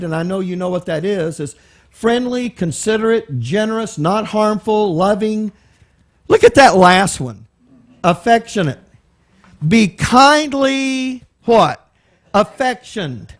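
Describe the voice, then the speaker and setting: A man with a Texan accent and a high-pitched voice leads a Bible study in a church meeting room. He talks in a loose, conversational way, picks words apart one at a time and keeps asking his listeners questions. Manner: conversational, explains word by word, asks the room questions. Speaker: Bible teacher.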